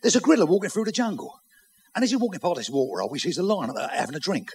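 Crude comedian with a gravelly, lively voice. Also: male voice, sits high, very fast, a little hiss or hum. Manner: crude, swears often, acts out characters in loud voices and stammers. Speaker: stand-up comedian telling jokes. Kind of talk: bawdy joke-telling to a live audience.

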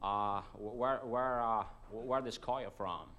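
Halting American tourist, put on by a man in a comedy story, low and slow, stumbling over every question. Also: lo-fi sound, close to an everyday voice. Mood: puzzled. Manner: stammering, repeats words. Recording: loud noisy recording.

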